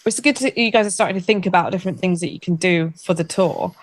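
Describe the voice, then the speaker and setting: A chatty woman co-hosting a casual podcast, her voice sitting a little low. She laughs often and talks easily, close to the mic in a dry room. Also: fast talker, no room sound. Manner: chatty, laughs often, runs through tour dates. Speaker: podcast co-host. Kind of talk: casual chat.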